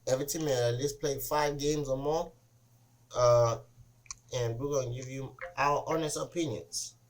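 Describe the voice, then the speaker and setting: A man's voice: measured pace, a little hiss or hum. A man hosting a casual sports podcast who tells stories with lots of "he's like" and acts out the quotes. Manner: animated storyteller, acts out quotes with rising pitch. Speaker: podcast host.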